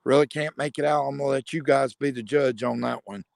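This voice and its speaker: A man investigating the paranormal at night outdoors, calling out questions to unseen spirits in a hushed, probing way. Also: mid-range voice, a little fast, gravelly, no room sound. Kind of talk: ghost-hunting vlog narration. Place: outdoors at night near a building.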